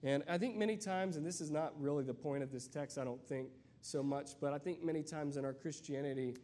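A man giving a sermon as a guest preacher, conversational and searching, with many fillers and restarts, and reading scripture slowly. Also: on the high side, dark tone.

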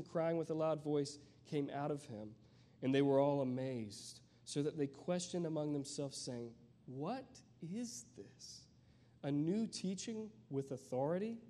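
A man giving a sermon as a guest preacher, conversational and searching, with many fillers and restarts, and reading scripture slowly. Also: a little high, warm tone.

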